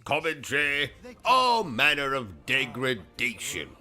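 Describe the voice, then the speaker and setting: Pompous British man ranting, bright tone. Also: mid-range voice, slow pace. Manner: insulting, pompous, deadpan dark humor. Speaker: gaming livestream host. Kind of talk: comic in-character rant.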